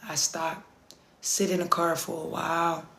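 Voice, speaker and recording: A hoarse woman speaking in a casual, intense live-stream monologue, repeating herself and swearing freely. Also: deep voice, completely flat delivery, a little slow. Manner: intense, repetitive, profane, swings to shouting. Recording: roomy echo.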